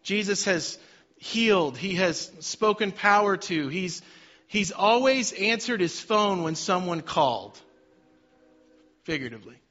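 A man, a pastor, preaching a sermon with dynamic swings between loud emphasis and soft, quiet lines. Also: high-pitched, expressive, measured pace, highs cut off.

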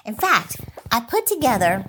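A middle-aged woman hosting a motivational talk, an excitable storyteller who laughs often. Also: a little high, normal speed, a little hiss or hum. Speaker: inspirational speaker and channel host.

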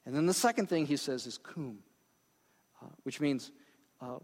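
A man's voice: a little high, moderate pace, darkish tone, big-room sound. A male pastor preaching a sermon in a conversational way, with frequent asides and check-ins with the congregation.

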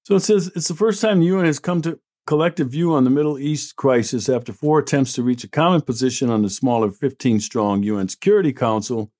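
This opinion-show host, a middle-aged man, has a dark tone and a medium-pitched voice. He reads the news aloud and fires back with bluntness, indignation and sarcasm.

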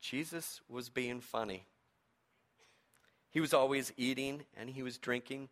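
A male pastor preaching a sermon with animated, humorous storytelling. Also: medium pitch, a little slow.

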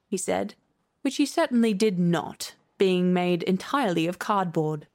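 A woman narrating a classic storybook in a measured, clear reading voice. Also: lowish voice, a little mellow. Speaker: storybook reader.

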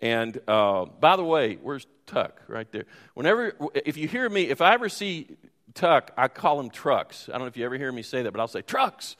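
Middle-aged male pastor, rambling anecdotal sermon, mid pitch, long church-hall echo. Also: very animated, moderate pace, fairly bright tone. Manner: rambling anecdotal storytelling with many fillers. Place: church sanctuary.

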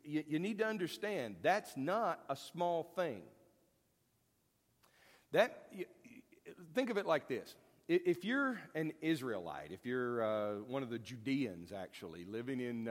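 Male Bible teacher, folksy and chatty, mid-pitched, hall reverb. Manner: folksy, conversational, jokey. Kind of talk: informal Bible lesson.

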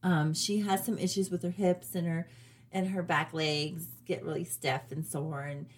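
A woman's voice: fairly low pitch, steady tone, moderate pace, slightly rough. A woman in her forties chatting casually to her viewers in a personal update, with lots of fillers and small laughs. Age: 40s. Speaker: vlogger.

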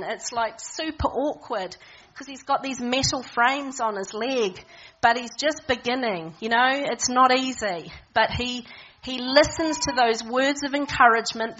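A woman's voice: on the high side, fairly bright tone, lo-fi sound. Woman giving a chatty sermon. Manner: conversational, often restarts and repeats words. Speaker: preacher. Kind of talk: informal sermon.

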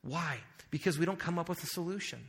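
A man's voice: a little high, fast talker, fairly bright tone. A male pastor preaching a sermon in a conversational way, asking the audience questions and making joking asides. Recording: long hall reverb.

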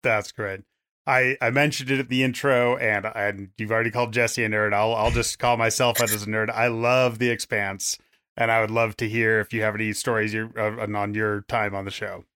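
A man co-hosting a chat show, with a low, flat voice that comes through bright and clean. The sound is dry and close, and he asks his questions in a friendly, self-deprecating way. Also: a little fast, clear, resonant tone, no echo. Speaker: podcast co-host. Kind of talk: casual interview chat.

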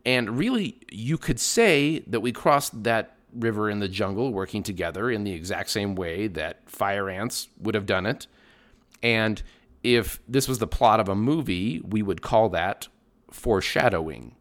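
Wry, low-voiced man telling a story. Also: expressive, unhurried. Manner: wry, dry humor. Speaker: podcast host. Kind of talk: scripted podcast storytelling.

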